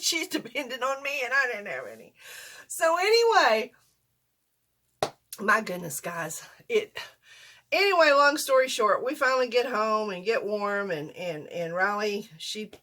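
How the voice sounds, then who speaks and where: A woman's voice: medium pitch, sharp tone. Folksy older woman, rambling, self-deprecating storytime vlogger. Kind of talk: casual storytime.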